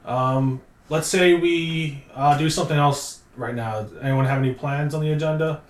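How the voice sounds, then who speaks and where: A man playing his character in a tabletop game, relaxed and rambling. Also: on the high side, normal speed. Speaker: player. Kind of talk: in-character tabletop role-play. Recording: roomy echo.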